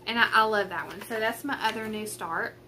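A woman's voice: medium pitch, brisk, pushed and bright, slight background noise. A young woman with a rural Southern US accent chatting to camera at home about her cross-stitch projects, rambling and self-deprecating, recorded on a tripod camera at a table. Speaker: craft vlogger. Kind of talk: casual chat to camera. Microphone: camera on a tripod with a ring light.

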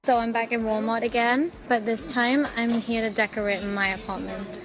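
A woman's voice: on the high side, fairly even intonation. A woman chatting casually to camera as a vlogger in a big-box store. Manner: chatty, upbeat, quick asides. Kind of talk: casual vlog chat. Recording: music playing underneath. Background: background music.

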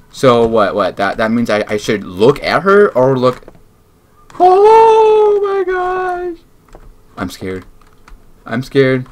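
Jittery let's-play gamer, lively pitch, unhurried delivery, cusses a lot. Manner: jumpy, swears and talks to self. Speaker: gamer playing a horror game.

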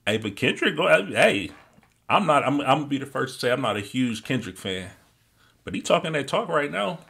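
A man hosting a music reaction video, excitedly repeating lyric lines and commenting on them in casual talk. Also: mid-range voice, brisk, vocal fry, breathy edge.

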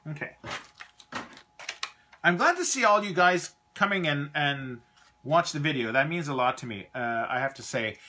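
A man's voice: a little high, lively intonation, normal speed, long pauses, sharp tone, slight background noise. A Canadian man hosting a live toy review stream, chatting casually and rambling, often trailing off mid-thought.

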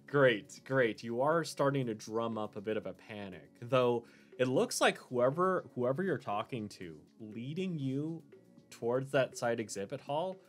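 A man narrating as game master in a tabletop role-playing game, with many fillers and restarts. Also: medium pitch. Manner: hesitant, filler-heavy narration.

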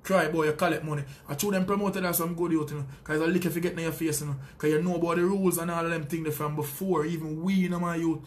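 A man's voice: a little high, steady tone, quick pace, few pauses. A Jamaican man, a sound system selector, delivering a heated, boastful and taunting callout full of profanity.

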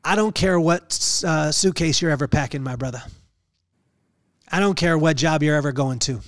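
A man's voice: on the high side, normal speed, fairly bright tone, no echo. Earnest male podcast host, dry sound. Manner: earnest, preacher-like, repeats phrases. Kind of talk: emotional personal storytelling.

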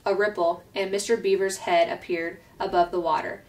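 A woman's voice: on the low side, flat delivery, normal speed, hardly any pauses. Woman reading a storybook aloud. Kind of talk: reading a children's novel aloud. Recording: voice picked up from a distance.

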